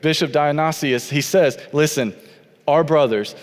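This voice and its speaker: A man's voice: a little high, a little slow. A man preaching a sermon as pastor, with an earnest, repetitive cadence. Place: church sanctuary. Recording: long church hall reverb.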